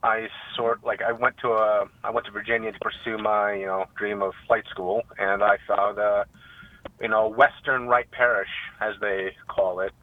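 A man's voice: on the low side, little pitch movement, normal speed, slight background noise. Hesitant New York man on a phone line. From Staten Island, New York. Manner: rambling, hesitant, many fillers and restarts. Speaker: caller. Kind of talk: casual phone call. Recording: dry tinny phone line.

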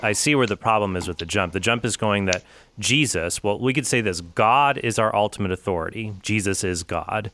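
Low-voiced man arguing theology, measured. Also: fairly bright tone. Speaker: debater. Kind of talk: theological debate.

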